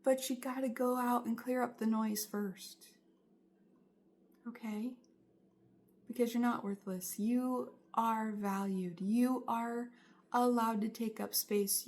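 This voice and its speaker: A woman reads tarot for her viewers in a somewhat high voice, taking her time over each phrase. She sounds earnest and encouraging, pressing her points with emphasis. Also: a little mellow. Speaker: tarot reader. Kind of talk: spiritual tarot reading monologue.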